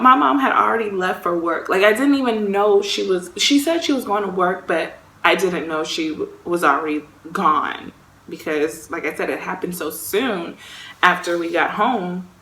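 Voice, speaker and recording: A woman vlogger tells a story in a chatty, lively way and keeps checking in with her listeners. The recording has a noticeable room echo, as if made in an untreated room at home. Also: mid-range voice, unhurried, slight background noise. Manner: chatty, animated retelling with frequent "you understand?". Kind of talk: casual storytime vlog.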